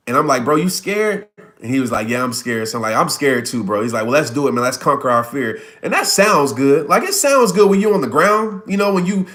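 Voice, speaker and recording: A man in his thirties gives a live motivational talk in a fairly high voice. He tells a personal story with emphatic repetition and reads viewer comments aloud as he goes. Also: a bit bright. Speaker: motivational speaker.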